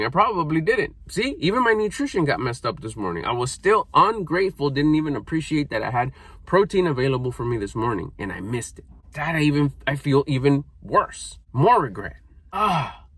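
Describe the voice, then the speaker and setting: A man's voice: a little high, a bit bright, breathy edge, dry recording. A man giving an emphatic, self-critical motivational vlog monologue in short punchy phrases. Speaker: vlogger, mindset coach. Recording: noisy background.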